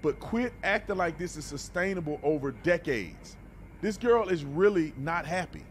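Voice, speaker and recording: A man's voice: fairly high pitch, lively intonation, moderate pace, a little hiss or hum. A man hosting a reaction video, talking bluntly and animatedly in a preachy, casual way and often repeating words.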